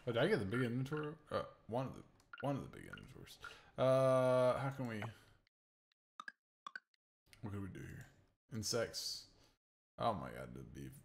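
A man's voice: mid-range voice, wildly swooping pitch, normal speed, vocal fry, long pauses, a little hiss or hum. A man with a Pacific Northwest American accent streaming a farming game, thinking aloud in casual commentary with dry self-mocking asides. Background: game music.

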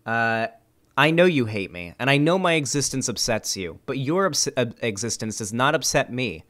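This young man, medium-pitched and moderately paced, streams while reading online comments out loud. He responds casually and animatedly, with a sarcastic edge and free-flowing swearing.

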